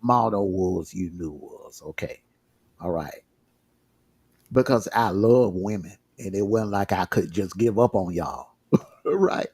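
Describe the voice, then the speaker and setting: A man's voice: deep voice, measured pace, a little mellow, slightly rough, no room sound. A man frankly telling his own relationship story on a livestream, often repeating words as he gathers his thoughts. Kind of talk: casual personal storytelling.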